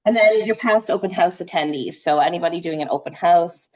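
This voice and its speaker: A woman with a slightly low voice runs a real estate sales training. She talks fast and with animation, punctuating points with quick "right?" checks to the room. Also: darkish tone. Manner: conversational, frequent "right?" checks. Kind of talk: live sales training session.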